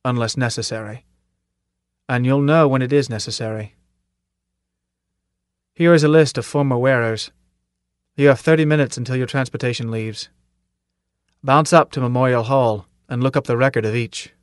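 A man's voice: mid-range voice, normal speed, pauses often, smooth, no echo, clean studio sound, lightly acted. A man voicing a stern old military commandant. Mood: commanding. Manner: clipped, authoritative, with pointed questions. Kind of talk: audiobook character reading.

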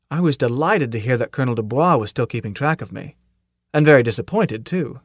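A man reads an audiobook as scripted narration, keeping his storytelling measured and even. His pitch is medium, and the recording is studio quality with no room sound.

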